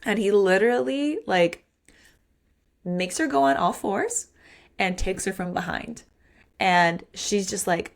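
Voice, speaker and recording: A woman co-hosting a podcast talks candidly and animatedly about a romance novel, acting out lines from it in a casual book chat. Her voice is lowish and unhurried, with vocal fry.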